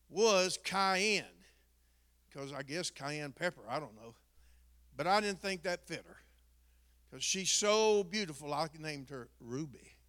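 A man's voice: a little high, a bit bright, in a large hall. A man preaching, telling a folksy story that builds to an emphatic point. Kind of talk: sermon illustration, storytelling.

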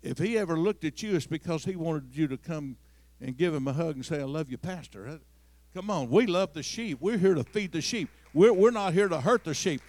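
A man preaching from the pulpit, his voice sitting high for a man. He drifts between soft, conversational storytelling and loud, climbing declarations. The sound is dry and close. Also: lively intonation, fairly quick, no room sound. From Missouri. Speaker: pastor. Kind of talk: sermon.

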